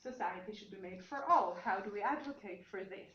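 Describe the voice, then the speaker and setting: A woman's voice: mid-range voice, fairly quick, a bit bright. A woman giving an academic seminar talk as lecturer, explaining her research and often restarting her sentences as she thinks aloud. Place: seminar room, indoors. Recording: echoey room, dull sound, faint noise.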